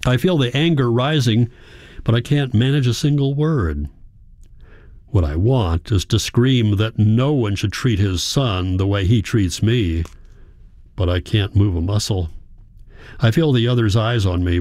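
Deep dude reading a story aloud, steady and even, super dry close mic. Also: male voice, dry recording. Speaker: audiobook narrator. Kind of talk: first-person scripted narration.

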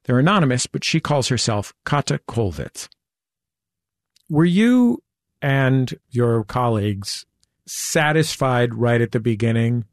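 A man hosting a radio interview. He asks long, winding questions in a relaxed way and slips in wry jokes. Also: mid-range voice, measured pace, no echo, studio quality. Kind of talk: conversational interview. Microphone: studio mic.

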